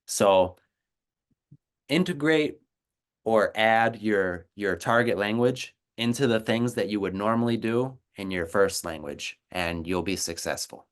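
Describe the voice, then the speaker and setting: Earnest American man, smooth low voice. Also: unhurried. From United States. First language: English. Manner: earnest, encouraging, repeats words. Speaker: co-host, language teacher. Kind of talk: casual conversation.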